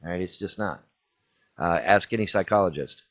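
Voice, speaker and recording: A man's voice: sits low, normal speed. A man giving an indignant, repetitive ranting commentary as a video host. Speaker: YouTube commentator. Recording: dull lo-fi recording.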